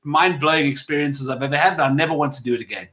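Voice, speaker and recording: A man co-hosting a quiz, telling an animated story with casual swearing. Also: on the high side, racing. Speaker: guest co-host. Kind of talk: casual chat.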